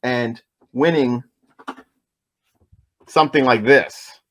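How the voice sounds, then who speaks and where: A New Jersey man co-hosting a podcast speaks slowly, with a medium-pitched, fairly bright voice. He's enthusiastic and casual, repeating points for emphasis, and he coughs and apologizes for it.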